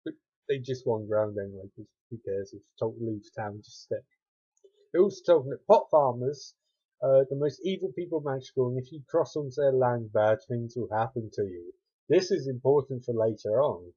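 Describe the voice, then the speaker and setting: A man's voice: mid-range voice, brisk, dark tone, husky. Sarcastic man recapping a bad film. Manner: sarcastic, wry asides. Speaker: movie reviewer. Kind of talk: rambling spoken movie recap. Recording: dull lo-fi home recording.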